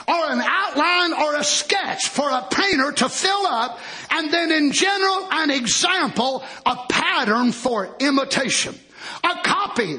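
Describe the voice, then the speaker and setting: A man preaching as pastor, building to shouted, drawn-out lines. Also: extremely high pitch. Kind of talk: sermon.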